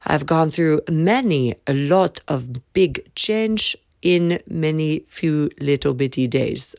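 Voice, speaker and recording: A woman's voice: deep voice, lively intonation, slow, hardly any pauses, a little mellow, no echo, clean studio sound. A woman hosting a faith podcast from her bed at night, chatting casually, rambling and correcting herself as she speaks straight to her listeners. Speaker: podcast host.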